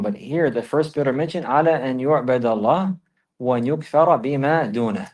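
A man's voice: mid-range voice, a little mellow. A man teaching a religious lesson, who recites in Arabic and then explains in English, repeating key phrases for emphasis. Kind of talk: Islamic lesson, explaining texts.

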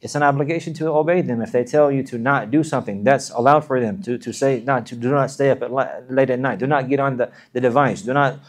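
A man preaching an earnest sermon at a brisk pace. He repeats himself often, restarts words, and breaks into rapid chanted recitation. His pitch sits in an ordinary middle range for a man. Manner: earnest, repetitive, many restarts, recites verses in quick chant. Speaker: Islamic preacher.

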